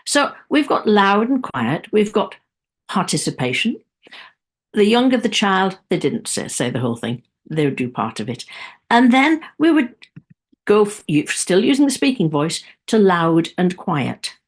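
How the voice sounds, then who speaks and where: A woman's voice: mid-range voice, big pitch swings, a little slow. A woman music teacher giving a webinar, chatty and demonstrative, dropping into sung and whispered examples.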